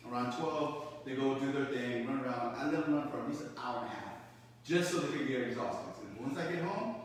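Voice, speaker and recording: A man on a podcast telling a lively story in a casual, animated way. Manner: animated, acts out quotes in a loud high voice. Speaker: podcast co-host. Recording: echoey room, distant mic, faint noise.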